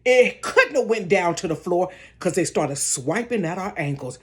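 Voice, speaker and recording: An older woman telling a dramatic story from her bedroom, talking straight to her viewers in a casual, expressive way. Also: on the low side, moderate pace.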